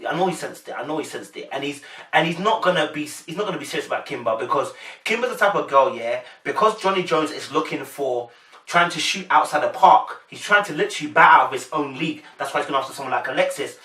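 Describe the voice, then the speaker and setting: Young London man, chatty slangy commentator, bright-toned, slightly raised pitch, room echo, off-mic. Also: lively intonation, fast talker, far from the mic. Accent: London English. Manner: chatty, slangy, addresses viewers directly. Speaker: reaction commentator. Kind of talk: casual to-camera commentary. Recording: echoey room, voice a bit off-mic.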